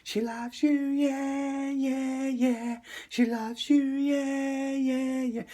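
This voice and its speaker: A man putting on a fond English mother in a high sing-song voice, singing along. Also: sing-song, moderate pace, fairly bright tone. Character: fond mother recalling her baby son.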